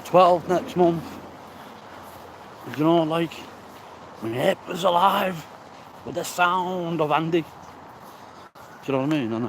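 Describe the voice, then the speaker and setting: A man, walking outdoors and talking into a handheld phone, out of breath, rambling and blunt with casual swearing. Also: mid-range voice. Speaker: recovery vlogger. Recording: outdoor noise, wind and birds.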